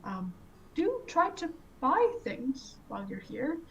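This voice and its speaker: A woman voicing an older male elf food vendor who speaks plainly and calmly, without any accent. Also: sits high, slow, highs cut off, faint music behind, pitched above the performer's own voice, full character voice. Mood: easygoing. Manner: plain, casual, no accent, mildly amused.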